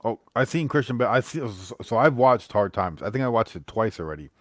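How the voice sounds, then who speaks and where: A man's voice: medium pitch, expressive, a little fast, crowd noise. A man streaming live, chatting casually about movies with his viewers and a guest, rambling with many fillers and restarts.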